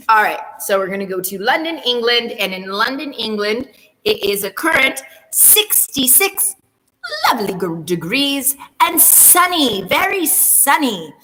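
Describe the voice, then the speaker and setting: Woman, teacher, playful children's lesson, slightly high voice, slow and unhurried. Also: expressive, pushed and bright, big-room sound. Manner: playful, self-teasing, hums and sings little transition tunes. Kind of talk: online morning meeting lesson for children.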